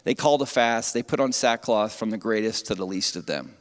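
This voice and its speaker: A man preaching a sermon as pastor, animated and conversational. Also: fairly low pitch, fairly quick. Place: church sanctuary. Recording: long church reverb.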